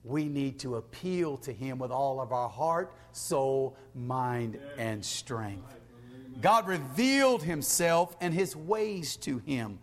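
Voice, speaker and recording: A man preaching a sermon, reading scripture aloud and swinging from hushed whispers to shouted praise. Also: mid-range voice, expressive, takes it slowly. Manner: reads scripture in King James style.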